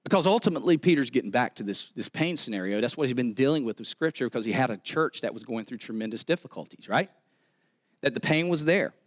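A man with a Southern US accent preaching a sermon as pastor, animated and repeating words as he builds to excited exhortation. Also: medium pitch, fast. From American South.

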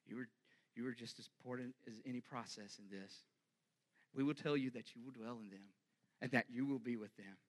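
A man's voice: medium pitch, brisk, close to an everyday voice. A man voicing God the Father in a sermon, tender toward his son and questioning him dramatically. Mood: reassuring.

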